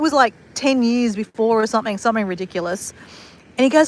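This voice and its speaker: A woman's voice: a little high, quick pace. A woman in her forties from Australia, chatting casually to camera in a rambling, laughing way. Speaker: vlogger.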